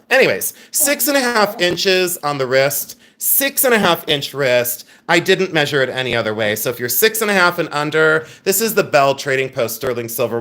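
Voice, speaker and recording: A man's voice: a little high, fairly bright tone. A man hosting a casual livestream jewelry sale, chatty and joking, turning candid and earnest at times. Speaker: live jewelry sale host. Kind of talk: casual livestream selling chat. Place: coffeehouse.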